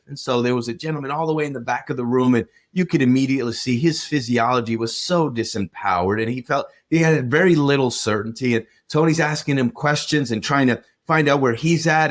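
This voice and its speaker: A man co-hosting a relationship podcast, recounting a personal story in a steady, measured way. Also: mid-range voice. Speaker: relationship coach and podcast co-host.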